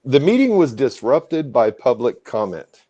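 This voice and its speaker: A man in casual podcast chat, relaxed and quick to laugh, sometimes arguing the other side. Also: medium pitch, lo-fi sound. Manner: relaxed, laughs easily, plays devil's advocate. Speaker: co-host.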